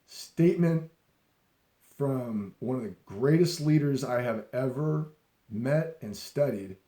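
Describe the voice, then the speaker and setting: Brief: middle-aged man, mellow tone, rambling emphatic storyteller, echoey room. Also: medium pitch, lively intonation, takes it slowly. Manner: rambling, emphatic, laughs often, frequent restarts. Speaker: speaker sharing leadership stories. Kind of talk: casual storytelling talk.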